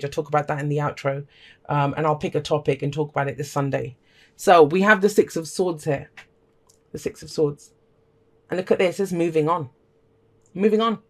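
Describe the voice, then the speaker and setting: A tarot reader giving a casual, emphatic reading to camera, talking straight to viewers with blunt language and pep-talk encouragement. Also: medium pitch. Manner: blunt and emphatic, swears freely.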